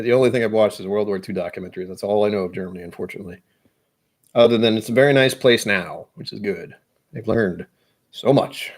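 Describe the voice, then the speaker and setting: Self-deprecating American man musing aloud. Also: fairly low pitch. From United States. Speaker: whiskey channel host. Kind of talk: casual rambling monologue.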